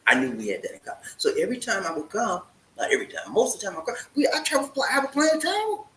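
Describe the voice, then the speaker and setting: Man coaching his audience in casual talk, lively swings in pitch, recorded in an echoey room with faint noise. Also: very fast. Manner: animated, repeats "man", asks rhetorical questions. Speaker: relationship advice host. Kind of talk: casual advice talk to camera.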